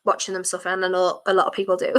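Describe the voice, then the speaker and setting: A woman streaming a football watchalong, chatting her opinions and breaking into shouts at fouls. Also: fairly low pitch, completely flat delivery, racing. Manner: passionate, blunt, chatty opinions. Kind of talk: live match commentary and fan chat.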